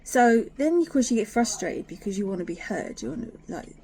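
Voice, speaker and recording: Woman, home vlogger, mellow voice, blunt and sweary, whispers her asides. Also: mid-range voice, sing-song, brisk, a little hiss or hum. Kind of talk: candid personal vlog.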